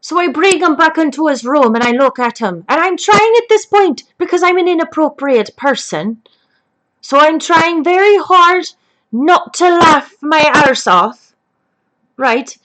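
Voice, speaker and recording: A woman's voice: high-pitched, animated, a little slow, a bit bright, low-quality recording. A woman playing a foul-mouthed elderly grandmother who rambles off topic and swears constantly. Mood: gossipy. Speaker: grandmother telling a story. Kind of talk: comedic improvised chat.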